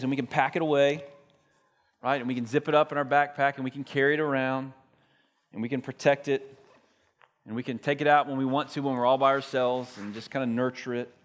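A man's voice: mid-range voice, fairly even intonation, a little fast, long pauses. A man preaching a sermon as a pastor, retelling a story in a conversational, emphatic way.

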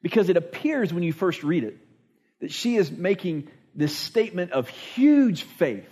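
This man's voice is high and a little slow, with a sing-song lilt, a darkish tone, and a breathy edge. Preaching a conversational sermon as a pastor, he speaks earnestly and plainly, repeats words when he restarts a thought, and voices quoted speech in character.

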